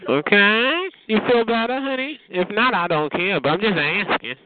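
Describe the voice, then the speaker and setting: A man's voice: sits high, moderate pace. A man hosting a radio call-in show, taunting callers in a camp, profane, mocking way and calling them honey and child. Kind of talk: sassy call-in banter. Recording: tinny phone-line radio audio with faint hiss.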